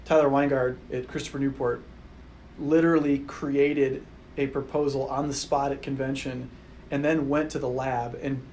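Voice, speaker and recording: Male guest or host, conversational, rambling delivery, mid-range pitch, faint background noise. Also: flat delivery, moderate pace, darkish tone, rough recording. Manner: rambling, with restarts. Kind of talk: casual podcast chat.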